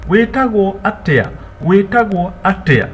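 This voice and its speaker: A man teaching a casual language lesson. He repeats phrases and jumps high in pitch when he models words. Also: lively intonation, unhurried, a little hiss or hum. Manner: warm, encouraging sign-off.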